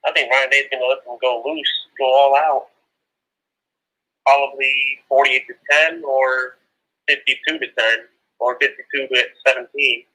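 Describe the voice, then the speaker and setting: A man's voice: medium pitch, little pitch movement, moderate pace, sharp tone, low-quality recording. A male caller on a call-in show, offering an offhand, hesitant prediction. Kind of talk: phone-in chat.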